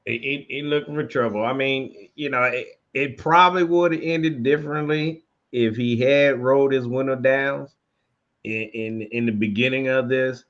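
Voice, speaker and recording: A man's voice: medium pitch, normal speed, a bit bright. A man co-hosting a commentary show, talking through a police video in a loose, rambling way. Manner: rambling, many restarts and fillers. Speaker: show co-host. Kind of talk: casual commentary chat. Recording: dull lo-fi sound.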